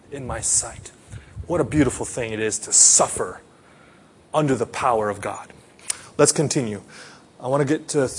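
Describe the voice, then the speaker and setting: A middle-aged male pastor preaching a sermon, earnest, dropping to soft murmurs and lifting into emphatic stresses. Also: fairly high pitch, breathy edge.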